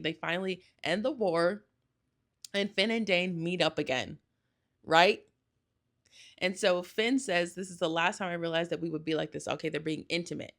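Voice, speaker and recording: A young woman hosting a solo podcast, chatting casually and gushing, rambling with lots of "like" and quick self-corrections. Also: on the low side, vocal fry, a bit bright. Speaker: podcast host.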